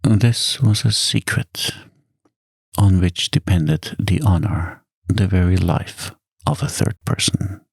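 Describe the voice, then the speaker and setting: A man reads a bedtime story in a soft-spoken ASMR style, his voice deep and slow. There is a husky, gravelly texture to it, and the close recording sounds dry, with no room around it. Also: no echo. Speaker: audiobook narrator.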